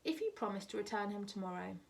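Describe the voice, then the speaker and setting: A woman's voice: mid-range voice, animated, quick pace, vocal fry, distant mic. A woman voicing a small six-year-old boy who talks in a matter-of-fact, slightly bossy way.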